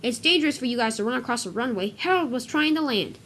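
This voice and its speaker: A woman's voice: a little high, expressive, fast, fairly bright tone, slight background noise. Woman doing blunt grumpy steamroller. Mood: gruff. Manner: blunt, bossy.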